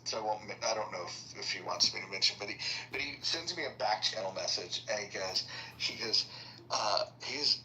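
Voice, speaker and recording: A man hosting an online debate room, talking in a halting, rambling way with many restarts. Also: on the low side, animated, sharp tone, slight background noise, poor audio. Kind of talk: casual chat.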